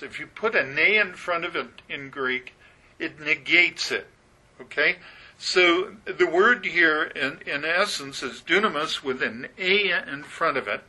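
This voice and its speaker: A man's voice: fairly high pitch, pushed and bright, low-quality recording. A man teaching a Bible passage verse by verse, methodically explaining the Greek words and stressing the key ones.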